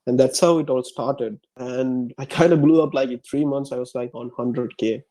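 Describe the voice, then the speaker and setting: A young man from Sri Lanka, an author answering interview questions casually, soft-spoken and halting. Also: medium pitch, rough recording. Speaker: author guest.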